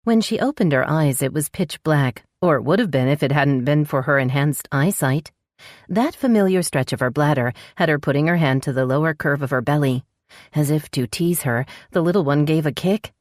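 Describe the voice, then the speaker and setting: A woman narrating a romance audiobook in an expressive, scripted style, close to the mic. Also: normal speed, no room sound. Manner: expressive, voices dialogue with sharp pitch jumps.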